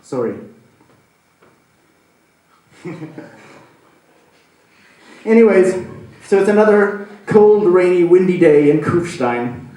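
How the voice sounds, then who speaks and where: A man doing stand-up, telling a story in a rambling, animated way with plenty of fillers. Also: fairly high pitch. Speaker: stand-up comedian. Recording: echoey room from a distant mic.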